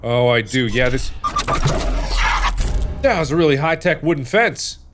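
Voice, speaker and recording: Theatrical man playing a game out loud. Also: expressive, unhurried, pauses often, noisy background. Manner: theatrical, jumps between loud shouts and low muttering. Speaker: gaming video host. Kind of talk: let's play commentary.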